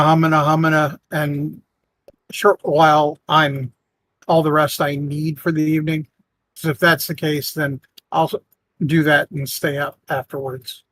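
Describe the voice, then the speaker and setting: A man playing in a tabletop game, speaking slowly and searching for words. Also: fairly high pitch, a bit bright, no room sound. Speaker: tabletop player. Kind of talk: casual game chat.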